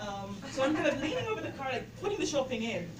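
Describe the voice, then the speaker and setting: A woman's voice: sits high, big pitch swings, fast. A woman in her twenties with an English accent, telling a story live on stage, chatty, with many fillers and laughing at her own story. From England. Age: 20s. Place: bar stage before a live audience. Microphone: distant camera mic. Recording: roomy, distant live recording with loud crowd and noise.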